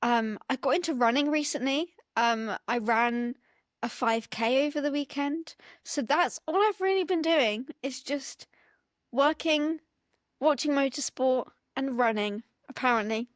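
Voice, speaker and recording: A woman's voice: high-pitched, unhurried, dry recording, studio quality. A young woman co-hosting a podcast, playful and self-mocking. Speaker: podcast co-host. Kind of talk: casual chat.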